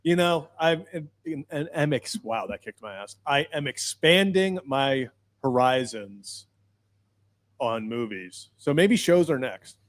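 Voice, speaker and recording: A man co-hosting a casual talk show, speaking in a halting, self-deprecating way. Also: medium pitch, lively intonation. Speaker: co-host. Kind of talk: casual chat.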